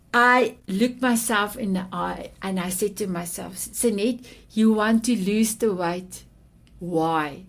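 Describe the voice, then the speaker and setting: A woman in her fifties from South Africa with a South African accent and Afrikaans as her first language, telling her personal story as a podcast guest in a heartfelt, affectionate way. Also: mid-range voice. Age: 50s. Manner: heartfelt, affectionate, repeats endearments.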